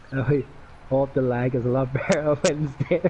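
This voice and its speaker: A man's voice: medium pitch, fairly even intonation, highs cut off, background noise. A man joining a game stream as co-player, cracking jokes and laughing often. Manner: joking, quick to laugh. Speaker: co-player guest. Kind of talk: casual chat while streaming a game.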